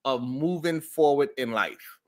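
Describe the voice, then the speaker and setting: A man hosting a live-stream talk show, talking in an emphatic, slangy, animated way. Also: mid-range voice, unhurried, crowd noise. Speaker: host.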